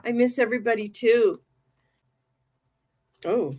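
A woman's voice: fairly high pitch, slow pace, darkish tone, slight background noise. Chatty woman hosting a livestream. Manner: chatty, rambling and affectionate, often repeating words. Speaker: livestream talk show host and tarot reader. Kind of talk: casual livestream chat.

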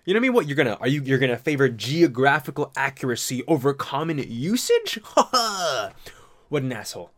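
Animated, rambling young man riffing. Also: medium pitch, a little fast. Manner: rambling, animated, swearing, mock voices and laughs. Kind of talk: casual comedic monologue.

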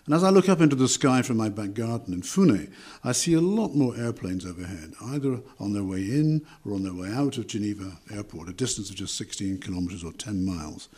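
An older man hosting an interview, speaking in a measured, courteous way from a hotel. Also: fairly low pitch, lively intonation, a little mellow, husky. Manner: measured and courteous, with scripted intro. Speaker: podcast interviewer. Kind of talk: hosted interview. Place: hotel room.

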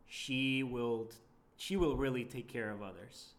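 A man's voice: mid-range voice, unhurried. A young man talking in a casual couples chat, earnest and reflective, laughing often.

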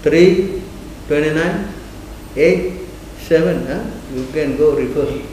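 A man's voice: fairly high pitch, slow pace, darkish tone. A man giving a scripture class lecture, prodding his listeners with repeated questions. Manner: questioning, repeatedly asks the audience to answer. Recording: echoey room, faint noise.

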